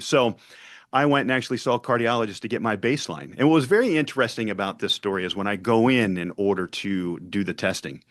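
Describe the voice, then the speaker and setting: A man's voice: lowish voice, quick pace, a bit bright, dry recording, clean studio sound. A man in his forties, a podcast guest, earnestly telling a personal story and acting out the dialogue.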